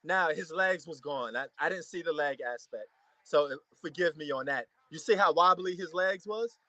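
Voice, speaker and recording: A man giving a casual, excitable reaction commentary to a boxing match, repeating himself and using slang. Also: on the high side, moderate pace, dry recording. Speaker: fight reaction host.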